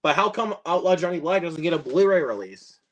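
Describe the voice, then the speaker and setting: A man hosting a relaxed talk about films, his voice rising and falling with a lively swing. He sounds enthusiastic and talks loosely, with lots of filler words. His voice sits a little high. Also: a little fast. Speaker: host. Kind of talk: casual chat about movies.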